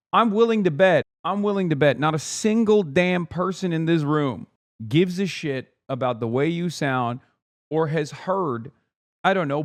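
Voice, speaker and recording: Sarcastic, profane streamer ranting. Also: male voice, fairly high pitch. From United States. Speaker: political commentator and streamer. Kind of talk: live-stream political commentary.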